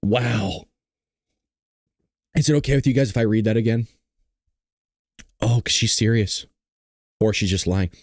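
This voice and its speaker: A man's voice: fairly low pitch, a little slow, pauses often, darkish tone, no echo, studio quality. A podcast host reading an article aloud and mocking it, breaking into laughter as he goes.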